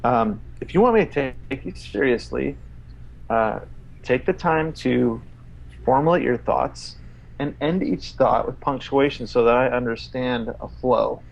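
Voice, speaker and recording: Man, podcast co-host, exasperated, swears, halting with fillers, lo-fi dull audio. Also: medium pitch, gravelly. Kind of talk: casual podcast chat, reading an email aloud.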